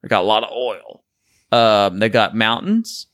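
A man's voice: on the low side, a little slow. A man hosting a podcast, joking through casual banter. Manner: animated, jokey banter. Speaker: podcast host. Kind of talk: casual chat.

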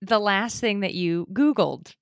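A woman's voice: medium pitch, a little slow, smooth, no echo, clean studio sound. A woman hosting an interview, upbeat and encouraging, laughing often between questions. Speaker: podcast host. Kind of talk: casual interview.

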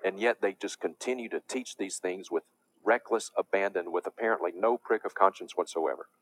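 Emphatic low-voiced male preacher. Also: brisk, a bit bright, no room sound. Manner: emphatic, indignant. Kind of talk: preaching lecture.

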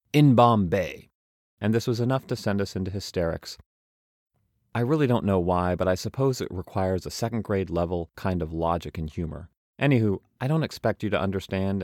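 A man's voice: low voice, darkish tone, no room sound, clean studio sound. A young man narrating his travel journal aloud, wry and self-mocking.

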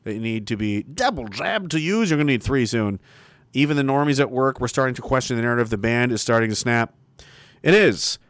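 Brief: swearing livestream host, lively pitch, dry close sound, jumps from loud to muttered. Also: male voice, fairly quick, no echo. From Canada. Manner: profane, animated, swinging between loud emphasis and muttering. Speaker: livestream host reading viewer comments. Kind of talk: casual ranting livestream monologue.

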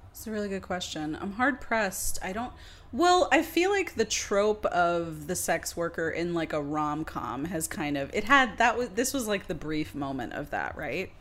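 Animated woman podcast co-host. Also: fairly low pitch, normal speed. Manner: animated, laughs often, swearing enthusiasm. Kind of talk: casual chat.

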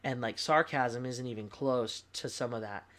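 Young adult man, pastor, candid testimony, animated and chatty, mid-pitched voice. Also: moderate pace. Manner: candid, animated storytelling with fillers and laughs. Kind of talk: conversational testimony.

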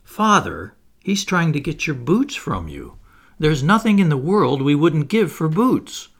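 A proud young noblewoman, put on by a male reader, brisk and commanding, pitched well above his own voice. The tone is husky and grainy, with wide swings in pitch. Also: wildly swooping pitch, fairly bright tone, full character voice. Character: proud, sharp young aristocratic lady.

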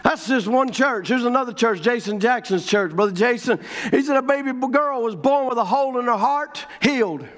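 A middle-aged man preaching with a drawl and a strikingly high voice. He builds fervently into shouted declarations before dropping back to a plainer storytelling tone. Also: moderate pace. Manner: fervent, shouting, rising to proclamations. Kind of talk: revival sermon.

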